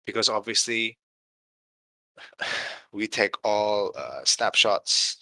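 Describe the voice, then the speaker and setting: Rambling through a casual livestream call with his community, a weary, yawning man leans on fillers and tags like "right?" in a tired late-night tone. He speaks very slowly in a fairly low, gravelly voice with lively intonation, pushed and bright. The recording is rough and has no room sound.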